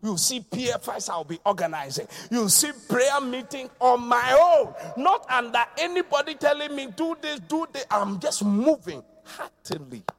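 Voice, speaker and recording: A man preaching a sermon, his voice high and wildly lively in pitch. He swings from shouted repetitions down to quiet, low asides. He is a pastor from Ghana. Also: moderate pace, hardly any pauses. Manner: swings between shouting and low quiet delivery, repeats phrases.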